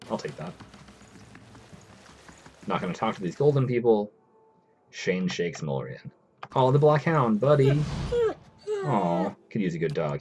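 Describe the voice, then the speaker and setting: Chatting casually with his viewers on a live game stream, a very low-voiced man speaks loosely and reads out the on-screen text as he plays, with slight background noise behind him.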